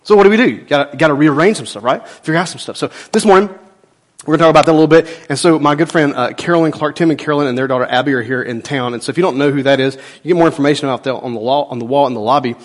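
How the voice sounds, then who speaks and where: Folksy pastor preaching. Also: male voice, on the high side, rapid-fire. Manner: folksy, emphatic preaching with sudden loud and soft swings. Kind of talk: sermon and church interview. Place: church sanctuary.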